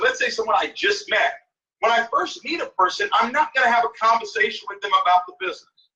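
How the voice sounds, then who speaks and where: A man's voice: sits high, bright, forceful tone. A man coaching on a mentorship call, emphatic and repetitive, often checking in with "right?". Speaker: network marketing mentor. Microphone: phone or conference call. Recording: dull, echoey, far from mic.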